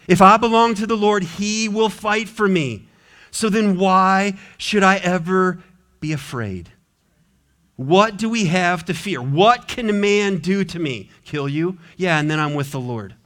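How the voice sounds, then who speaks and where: A man's voice: high-pitched, a bit bright. A male pastor preaching a sermon in an earnest, exhorting way, with lots of repeated phrases.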